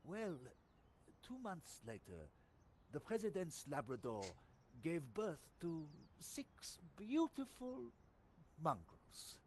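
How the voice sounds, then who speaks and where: A man's voice: on the high side, wildly swooping pitch, takes it slowly, a little hiss or hum, exaggerated voice. An actor with a French accent playing a sheepish, pompous middle-aged police sergeant in a video game, telling his story theatrically. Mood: rueful.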